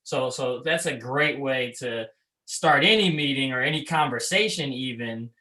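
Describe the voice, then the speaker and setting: Male school leader, bright tone, chatty, explains with examples. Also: medium pitch, moderate pace, poor audio. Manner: conversational, many fillers and restarts, explains with examples. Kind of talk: casual leadership chat.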